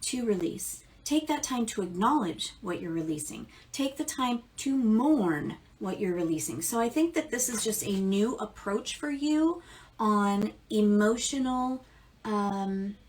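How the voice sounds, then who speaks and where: A woman's voice: mid-range voice, lively intonation, unhurried, a little mellow. A woman giving casual live tarot readings, chatty and affectionate, calling listeners darling and baby and swearing now and then. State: amped up. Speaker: tarot reader.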